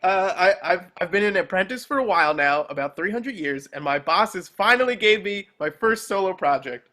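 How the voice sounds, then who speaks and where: A man's voice: high voice, lively intonation, normal speed, sharp tone. A man reading a chipper, nervous afterlife architect who rambles and stumbles while giving a speech over a video call.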